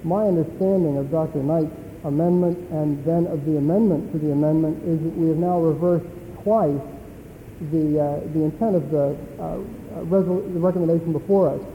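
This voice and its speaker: Delegate: higher-voiced man, hesitant point of order, tinny phone-like sound in an echoey hall. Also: normal speed, slight background noise. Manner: hesitant, filler-heavy argument. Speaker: teaching elder raising a point of order. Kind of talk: floor debate. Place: large assembly hall.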